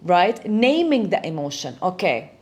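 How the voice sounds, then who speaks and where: A woman's voice: lowish voice, sing-song, measured pace, darkish tone. A woman hosting a self-help talk, explaining steps in an earnest coaching manner and often checking in with "right?". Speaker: host.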